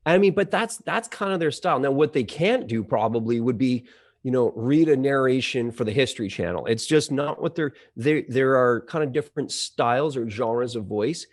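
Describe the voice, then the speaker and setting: Being interviewed as a company executive, a man speaks at normal speed in a mid-range voice with lively intonation. He's the guest CEO of a voice-over marketplace, explaining things at length in a conversational, chatty way with plenty of fillers and restarts, and his voice quality suggests a trained audio engineer.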